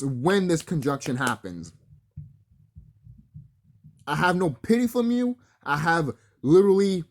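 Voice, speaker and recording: A man delivering a solo spiritual rant to camera, profane and confrontational, talking straight at his enemies and laughing between threats. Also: fairly high pitch. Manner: breaks into laughter, mimics others in quotes. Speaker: vlogger.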